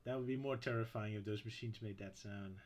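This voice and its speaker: A man hosting a casual podcast chat, teasing his co-hosts with quick quips. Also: on the low side, fairly even intonation, a little hiss or hum. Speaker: podcast host.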